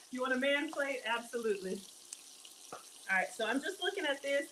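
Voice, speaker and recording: Woman cooking at home on a livestream, kinda high bright voice, chatty with her viewers, faint noise behind. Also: animated, moderate pace, low-quality recording. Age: young adult to middle-aged. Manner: chatty, addresses viewers as y'all, reads donations aloud. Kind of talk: casual cooking livestream chat. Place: home kitchen.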